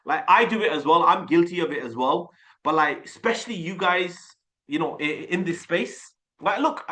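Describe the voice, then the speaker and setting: A man's voice: a little high, sharp tone. Blunt, chatty man. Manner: blunt, chatty, full of fillers. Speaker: sales coach. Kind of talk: casual advice monologue.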